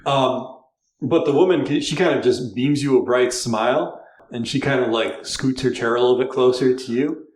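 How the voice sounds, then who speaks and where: A man narrating as game master in a tabletop game, with animated, filler-heavy description. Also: mid-range voice, moderate pace, reverberant, rough recording.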